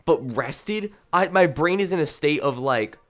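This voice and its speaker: A tired young man with a worn voice rambles loopily through live game commentary, breaking into giggles. His pitch bounces around a lot and his tone is bright and a bit high for a man. Faint game music plays behind him. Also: animated, measured pace. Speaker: streamer. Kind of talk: casual game stream commentary.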